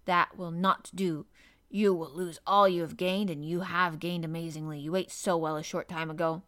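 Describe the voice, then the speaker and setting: Woman doing a worried doctor, grave, measured, slightly lower, storybook. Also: steady tone, pushed and bright, no room sound. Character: worried, serious male doctor.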